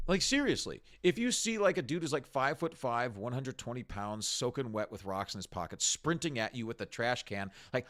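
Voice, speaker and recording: A commentary host rants over clips, exasperated, mocking, and swearing throughout. His pitch swings widely, jumping up when he's worked up and sinking low when he's scornful. He's animated and fairly bright in tone, speaking at a moderate pace with hardly any pauses.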